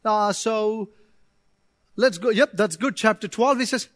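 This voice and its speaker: A man with a strikingly high voice delivers a sermon as a pastor. He preaches with animation, drops playful asides and acts out prayers to God. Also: lively intonation, unhurried, a bit bright, no echo, clean studio sound.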